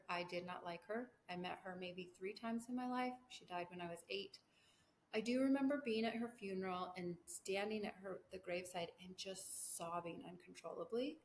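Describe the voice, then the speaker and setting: A middle-aged woman with a fairly low voice talks through a personal story for her podcast. She rambles, interrupts herself and laughs between thoughts. The room is echoey, with a faint hum behind her. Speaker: podcast host.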